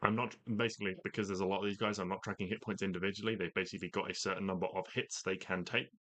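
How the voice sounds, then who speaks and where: A man running a tabletop game as game master, explaining the rules in a relaxed way with many fillers. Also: deep voice, racing, no echo.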